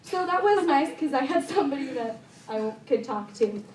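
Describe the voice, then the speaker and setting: Her voice sits high with lively intonation at a moderate pace, and there's slight background noise. She's a teenage high school golfer giving a bubbly, heartfelt, wandering banquet thank-you stuffed with "like" and "um." Recorded at a distance in an echoey banquet room, the ambience is loud.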